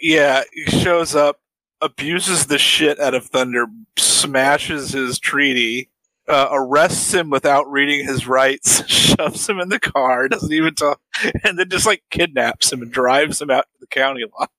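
A man co-hosting a podcast in casual chat, swearing, laughing and drawing quick pop-culture comparisons. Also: mid-range voice, sharp tone, dry recording, low-quality recording. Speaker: podcast co-host. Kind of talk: casual film discussion.

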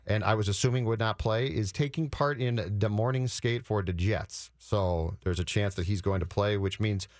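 A man's voice: on the low side, normal speed, hardly any pauses, no echo, studio quality. Wry male sports radio co-host.

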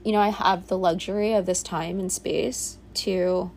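A woman's voice: lowish voice, steady tone, moderate pace, vocal fry, darkish tone, slight background noise. A woman in her thirties rambling candidly in a reflective casual monologue, swearing freely and saying "like" a lot. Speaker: vlogger. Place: on a boat in a small village.

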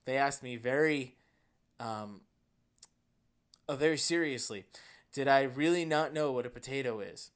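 A man with a New Jersey accent, co-hosting a podcast in casual chat, reading a story with a deadpan delivery and bursts of laughter. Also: mid-range voice, a little slow, pauses often. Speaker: podcast co-host.

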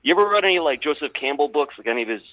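A man's voice: fairly high pitch, lively intonation, very fast, pushed and bright, highs cut off, a little hiss or hum. A man in casual chat, telling a story in a rambling, hesitant way with lots of fillers. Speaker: guest storyteller.

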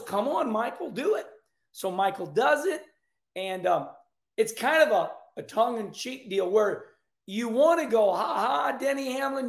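A middle-aged man hosts a casual racing talk show, animated and folksy with loud outbursts. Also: high-pitched, gravelly. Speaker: show host. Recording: echoey room.

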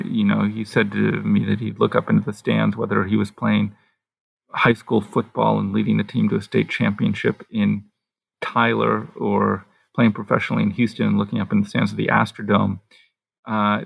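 A man, an author, answering interview questions in a thoughtful, halting way, pausing and restarting as he thinks aloud. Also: lowish voice, flat delivery, vocal fry, slightly rough, dull audio.

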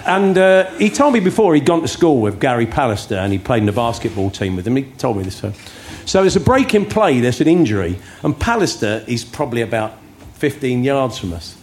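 A man with a London accent telling a lively anecdote on a live podcast. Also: mid-range voice, brisk. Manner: animated storytelling. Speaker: podcast co-host.

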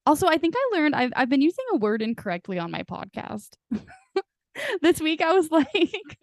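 A woman's voice: high voice, big pitch swings, brisk, no echo, clean studio sound. A young woman hosting a podcast, chatting casually and gushing, laughing often and acting out quoted lines. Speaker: podcast host. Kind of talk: casual chat.

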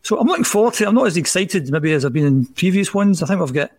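A man on a podcast gives his opinion in a slightly higher-than-usual voice. He speaks in a measured way and hesitates with fillers as he goes. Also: lively intonation, slightly rough. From Scotland. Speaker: podcast guest. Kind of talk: casual chat.

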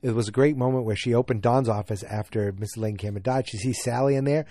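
Casual male recapper, rambling and halting, mellow tone, mid pitch. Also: dry recording. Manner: halting, many restarts and fillers, rambling. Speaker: show recap host.

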